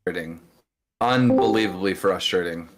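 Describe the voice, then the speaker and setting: A man calling into a livestream over an online voice call, making his point in a measured, reasoning way. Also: deep voice, music in the background. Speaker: caller on stream. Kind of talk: casual call chat.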